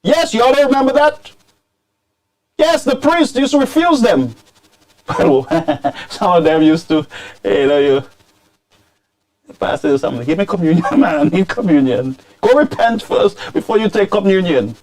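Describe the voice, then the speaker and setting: A man hosting political commentary, scolding and animated, dropping into Creole phrases. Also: high-pitched, measured pace, long pauses. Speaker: commentary show host.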